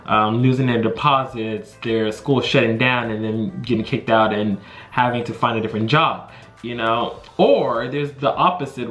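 A young American vlogger tells a casual storytime to camera, rambling with plenty of fillers like "you know" and "like". His mid-range voice has a fairly bright tone. The room is echoey.

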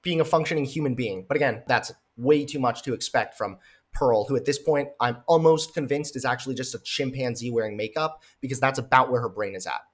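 A man's voice: medium pitch, a little fast. A man hosting reaction commentary in a sarcastic, scornful and profane way. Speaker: commentary host.

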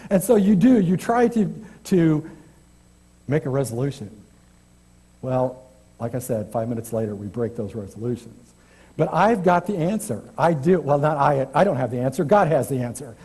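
A man's voice: mid-range voice, big pitch swings, normal speed, warm tone, breathy edge. A man preaching an informal, chatty church sermon as a guest preacher, self-deprecating and often restarting his sentences. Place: church sanctuary.

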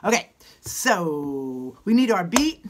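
A woman's voice: fairly low pitch, big pitch swings, slow pace. A woman teacher leading a children's sing-along at home, playful and coaxing as she gives step-by-step directions.

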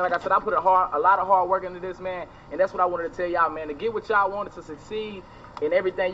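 A young man talking outdoors to his fans, energetic and full of "man" and "bro" fillers. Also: high-pitched. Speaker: YouTuber. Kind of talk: excited thank-you vlog. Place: outdoors on a hot day. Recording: slightly muffled, faint ambient noise.

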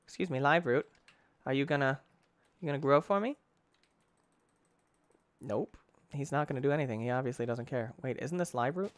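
A young man giving excitable let's play commentary, talking to himself, exclaiming and using mild cursing substitutes. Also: mid-range voice, moderate pace, long pauses, clear, resonant tone, no room sound. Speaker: gaming YouTuber.

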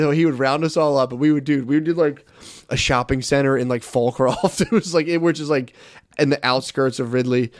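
A man's voice: medium pitch, steady tone, a little fast, no echo, clean studio sound. A man co-hosting a podcast, telling rambling, profane stories in casual chat and often laughing as he talks. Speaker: podcast co-host.

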